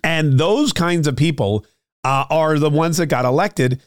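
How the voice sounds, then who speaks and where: A man hosting a solo political commentary show, talking straight to his listeners with many fillers and restarts, his throat a little rough. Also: fairly high pitch, unhurried, no room sound, clean studio sound. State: clearing his throat, slightly choked up. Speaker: political podcast host.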